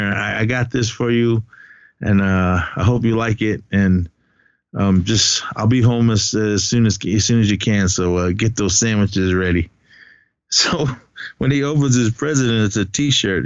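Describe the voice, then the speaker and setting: A man's voice: lowish voice, clean tone, no room sound, muffled recording. A man with a son, chatting casually on a podcast as he retells a movie's plot, rambling, laughing often and acting out the characters' lines. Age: adult, has a son. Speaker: podcast co-host. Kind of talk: casual movie recap chat.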